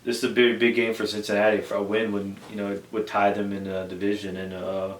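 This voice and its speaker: A woman's voice: very deep voice, flat delivery, brisk, a little hiss or hum. A woman hosting a casual sports review show, rambling with many fillers and restarts. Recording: echoey room, mic far off.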